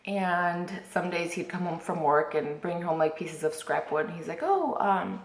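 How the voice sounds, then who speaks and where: A woman's voice: on the low side, little pitch movement, normal speed, roomy sound. A woman vlogger chatting casually to camera, rambling with lots of fillers and restarts.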